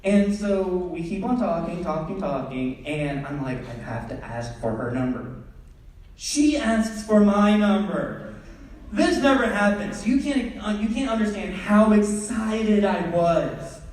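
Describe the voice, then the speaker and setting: Brief: animated young comic telling a story on stage, voice swooping high and low, far from the mic. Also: male voice, a little slow. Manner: animated, acts out scenes. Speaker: stand-up comedian. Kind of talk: storytelling stand-up. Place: theatre stage. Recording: echoey theatre from far off.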